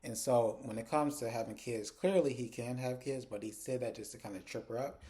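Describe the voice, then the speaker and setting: A man's voice: medium pitch, fairly quick, warm tone. A man casually recapping a TV episode, blunt and chatty, talking straight to his viewers. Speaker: TV episode reviewer.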